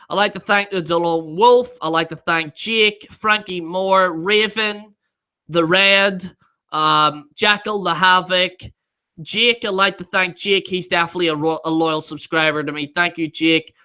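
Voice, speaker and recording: An excitable man hosting a live stream, with a high voice and a very bright, forceful edge to it. He reads out comments, laughs a lot, swears freely, and often stumbles over names or trails off mid-thought. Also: clean tone. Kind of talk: casual live-stream chat, reading viewer comments.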